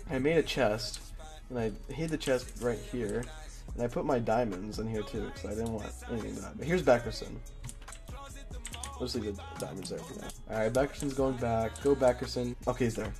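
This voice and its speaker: A man's voice: mid-range voice, fairly quick, music in the background. Giggly rambling young streamer guy. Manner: rambling, filler-heavy, giggly. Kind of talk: casual chat while gaming.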